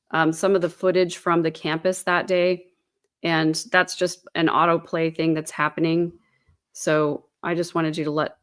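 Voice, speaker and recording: In a low-pitched voice, the host of an online commentary show reads articles off her computer, filling the gaps with chatty asides, filler words, and speculation of her own.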